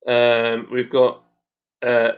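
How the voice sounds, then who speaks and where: A man's voice: medium pitch, monotone, drawn-out words, phone-quality sound. A man hosting a casual live stream, chatting and reading out viewers' messages, sometimes tripping over names.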